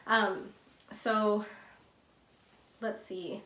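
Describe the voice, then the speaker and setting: A woman's voice: medium pitch, measured pace. A young woman telling a casual storytime, rambling and chatty with lots of fillers and restarts. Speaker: vlogger. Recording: roomy echo, a bit far from the mic.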